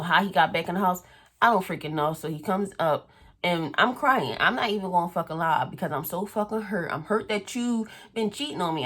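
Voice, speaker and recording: Blunt, profane young woman vlogger, low voice. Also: a bit bright. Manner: blunt, profane, chatty storytelling. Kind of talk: casual storytime vlog.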